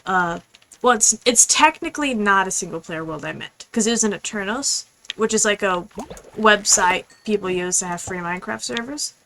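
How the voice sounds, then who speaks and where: A young woman streaming a game, chatting casually in a rambling, fast, apologetic way. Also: mid-range voice, lively intonation, fairly bright tone, a little hiss or hum, poor audio. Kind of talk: casual gaming stream chat.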